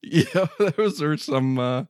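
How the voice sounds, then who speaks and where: Slow, lively, laughing podcast host. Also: male voice, a little high, smooth, no echo, studio quality. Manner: laughs often, joking. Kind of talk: casual chat.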